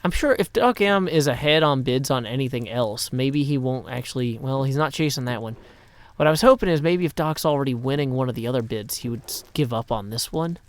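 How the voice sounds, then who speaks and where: A man's voice: mid-range voice, lively intonation. A man from Nashville, Tennessee, hosting a casual live game stream, playful with rhyming asides, tired after a long day. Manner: playful, rhyming asides and quick number-talk.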